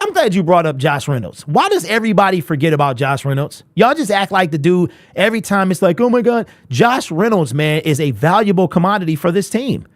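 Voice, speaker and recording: A young man hosting a casual sports fan live stream, animated and chatty, answering viewers in chat. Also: on the high side, dry recording, clean studio sound. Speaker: host of a fan livestream.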